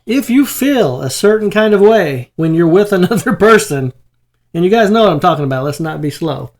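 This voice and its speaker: A man's voice: high-pitched, lively intonation, normal speed. A man co-hosting a faith-based marriage talk, giving emphatic, preachy warnings in a casual chat. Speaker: co-host of a Christian marriage show.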